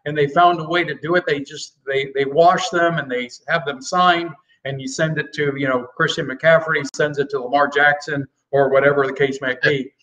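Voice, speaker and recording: A man joining a sports talk show as a guest analyst, rambling with halting restarts. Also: fairly high pitch, steady tone, a bit bright. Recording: distant dull remote audio.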